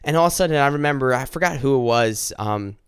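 A man earnestly telling a personal faith testimony, halting and restarting as he speaks directly to his listeners. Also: mid-range voice, animated, clean tone, no room sound, clean studio sound.

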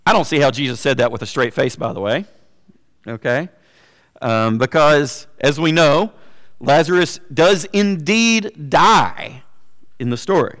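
A man giving a sermon as pastor, conversational with frequent fillers, slowing down to stress key words. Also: on the high side, lively intonation, fairly bright tone, big-room sound.

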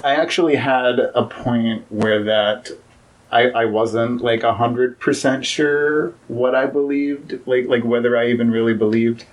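A man's voice: mid-range voice, fairly even intonation, a little slow, poor audio. A young man as a podcast guest, talking casually with many fillers and restarts.

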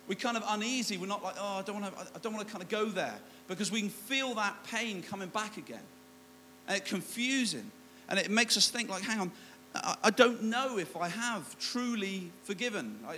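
A man's voice: sits high, pushed and bright, a little hiss or hum. A man preaching a sermon, telling a self-mocking personal story with many restarts and asides. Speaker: pastor.

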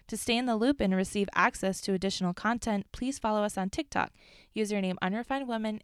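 A woman's voice: mid-range voice, clean tone, dry recording, studio quality. A woman from the Chicago suburbs, co-hosting a podcast and chatting casually, telling stories with lots of fillers. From Chicago suburbs, USA. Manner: chatty, storytelling with many fillers and laughs. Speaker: podcast co-host. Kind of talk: casual chat.

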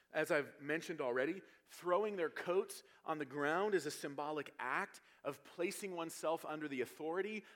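Higher-pitched man preaching a sermon. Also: fairly bright tone. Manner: expository preaching with rising emphatic passages. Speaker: pastor.

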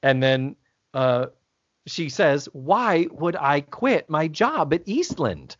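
A man's voice: fairly high pitch, very animated, slow pace, fairly bright tone, no echo. A man co-hosting a podcast, chatting casually as he recaps a TV episode, acting out the characters' lines and swearing freely. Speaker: podcast co-host. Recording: dull lo-fi dry sound.

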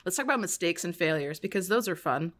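Woman podcast host, rapid speech, lowish voice, casual chatty storytelling. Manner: chatty, animated storyteller, many "like" fillers. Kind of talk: casual chat.

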